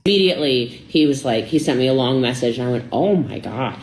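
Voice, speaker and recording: A woman's voice: rumbling low, quick pace, roomy sound. A woman who is a podcast guest, telling a personal story in casual, rambling conversation and acting out quoted dialogue.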